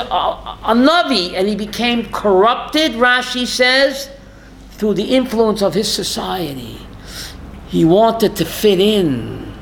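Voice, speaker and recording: A man's voice: high voice, creaky, slight background noise. A man giving a rabbi's Torah class, emphatic, firing rhetorical questions and calling on listeners by name.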